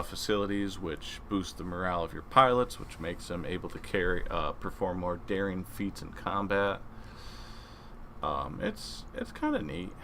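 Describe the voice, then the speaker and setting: A man with a slightly low, bright voice gives relaxed game commentary. He rambles through menus and reads game text aloud. Faint noise sits behind him. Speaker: gaming video creator.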